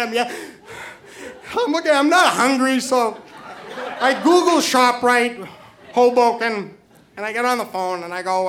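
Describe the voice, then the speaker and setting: Guy with a really high voice telling a story, stammers a lot, keeps going and and and. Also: animated, a little slow, pauses often, bright, forceful tone, some chatter behind. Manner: stammering, repeats words, chuckles through the telling. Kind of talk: personal storytelling to an audience.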